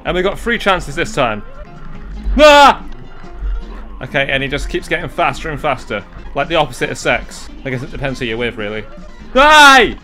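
A young man commentating a video game, excitable and jokey, yelling and swearing at it and talking himself down between fits. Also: medium pitch, normal speed, soft background music. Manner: talks to himself, jokey asides. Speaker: gaming YouTuber. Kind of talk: let's play commentary.

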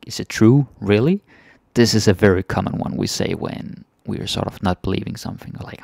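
A man's voice: lowish voice, fairly quick, creaky, darkish tone, no echo. A Danish man teaching phrases in a casual, chatty lesson, repeating each one with varied intonation. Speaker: language teacher.

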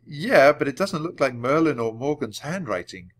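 A man's voice: medium pitch, lively intonation, moderate pace, natural voice. A man voicing a careful, bookish young boy in a children's audiobook reading, earnest and sensible.

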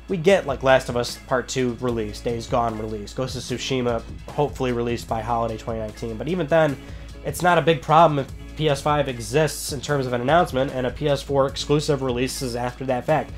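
A young man from Western New York with a Western New York accent, hosting a weekly gaming news show in a chatty, upbeat way with lively asides. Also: mid-range voice. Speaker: host.

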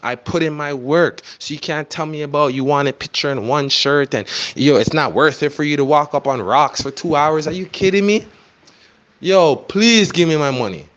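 A man's voice: fairly high pitch, normal speed, a bit bright, muffled recording. A man, a photographer, ranting insistently and pleading over and over in a voice note. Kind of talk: heated voice-note rant.

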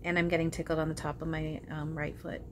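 A woman channeling spirits aloud in a soft, hesitant way, with frequent ums and casual swearing. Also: sits low, level tone, quick pace, a little hiss or hum.

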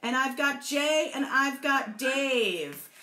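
Leading a group storytelling session indoors, streamed live on Facebook, this woman is playful, encouraging her participants and kidding around about tongue twisters. She speaks slowly in a high voice with lively intonation; the audio is roomy, with background noise.

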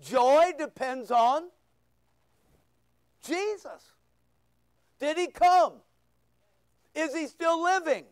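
A male pastor preaching a sermon, firing rhetorical questions and sharp asides at his congregation. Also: very high voice, drawn-out words, long pauses, no room sound. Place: church.

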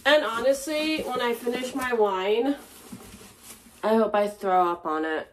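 A woman's voice: fairly high pitch, unhurried. A young woman venting in a casual home vlog, angry and swearing, with many fillers. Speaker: vlogger. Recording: audible background noise.

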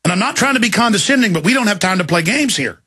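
A man in his thirties hosting a radio show, delivering an angry, shouting monologue in rapid tirades. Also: high-pitched, animated. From Texas. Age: 30s. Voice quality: gravelly, raspy. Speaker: radio host. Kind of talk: ranting talk radio monologue.

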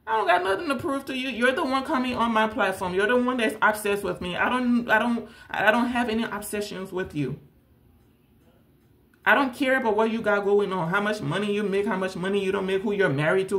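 A woman's voice: mid-range voice, fairly bright tone. A woman who hosts a tarot channel, ranting straight to camera in a blunt, confrontational way and repeating her points. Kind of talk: direct-to-camera rant.

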